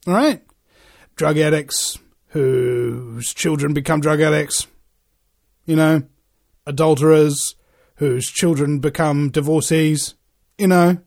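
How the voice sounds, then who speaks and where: A man's voice: a little high, slow pace, long pauses, a little mellow. A man giving a rambling, profane monologue, ranting and throwing out rhetorical questions.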